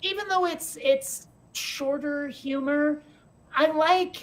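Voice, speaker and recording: A woman co-hosts a casual chat with a wry, joking humor. Her voice sits a little high. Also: takes it slowly. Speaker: co-host.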